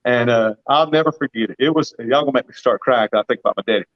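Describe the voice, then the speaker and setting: A man's voice: mid-range voice, quick pace, lo-fi sound. A man in his fifties with a Southern US accent, a guest farmer telling folksy stories with a laugh in a casual livestream chat over a video call. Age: 50s. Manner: folksy storytelling, laughs often.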